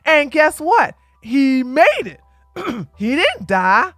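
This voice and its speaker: Woman, livestream host, blunt and preachy, slightly high voice, dry close sound. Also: sing-song, slow, no echo, soft background music. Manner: talks straight to viewers, swings from loud to quiet. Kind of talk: casual livestream chat.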